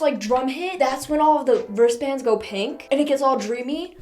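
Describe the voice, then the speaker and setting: A woman hosting her own channel, chatting excitedly and rambling as she ranks songs, often gushing and squealing. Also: high voice, soft background music. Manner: gushing, rambling, quick mood swings into squeals. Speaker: reaction channel host. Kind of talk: excited casual chat ranking songs.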